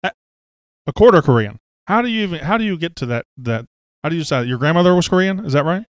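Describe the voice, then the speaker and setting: A man's voice: fairly high pitch, expressive, fast, no room sound. A man hosting a casual show, joking and teasing the crew as he rambles along. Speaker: host. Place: studio office.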